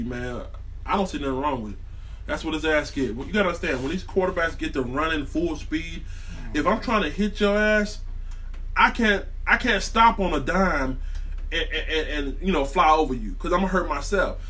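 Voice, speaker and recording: A man's voice: a little high, fairly bright tone, distant mic, a little hiss or hum. A man delivering a heated, profane, rambling sports rant as a fan vlogger.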